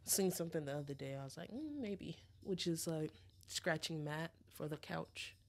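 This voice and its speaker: A woman's voice: sits low, steady tone, a little fast, creaky. A woman co-hosting a pet podcast in casual chat, rambling with frequent ums and restarts. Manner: chatty, trails off with ums and restarts. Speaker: podcast co-host.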